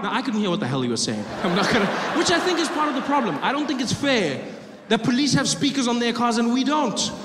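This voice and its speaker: High-voiced comedian in a big echoing hall. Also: male voice, fast, a crowd in the background. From South Africa. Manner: animated storytelling, acting out voices and siren noises. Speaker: stand-up comedian. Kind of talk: stand-up routine. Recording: live show in a large reverberant hall with audience noise.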